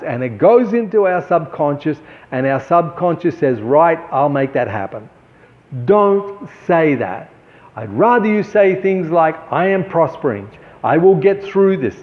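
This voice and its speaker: A man giving artists a motivational talk, earnest and preachy, repeating his points for emphasis. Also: sits high. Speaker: artist and show host. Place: gallery. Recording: dull sound with long hall reverb.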